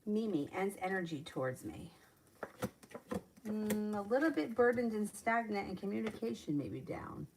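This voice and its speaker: A woman's voice: mid-range voice, animated, normal speed, background noise. A woman reading viewers' questions aloud and answering them as a tarot reader on a live stream, chatting and laughing between readings.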